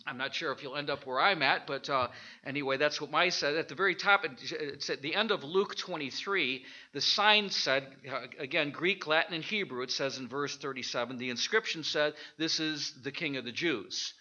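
A man teaching an informal Bible study, thinking aloud with halting restarts and rhetorical questions. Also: fairly high pitch, sharp tone, highs cut off.

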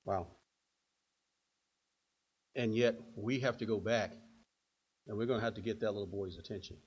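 An older man preaching a sermon in an animated way, acting out stories in other voices. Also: fairly low pitch, normal speed, husky. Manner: animated, acts out quotes in put-on voices. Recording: dull lo-fi recording.

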